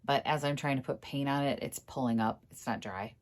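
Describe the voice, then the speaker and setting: A middle-aged woman with a low, deep-set voice talks straight to the camera in an easygoing vlog. She chats through each step of a furniture project at home and mutters to herself when things go badly. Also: brisk. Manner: chatty, talks to camera while working, mutters when frustrated. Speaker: furniture flipper vlogger. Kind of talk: casual workshop vlog. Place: home workroom indoors.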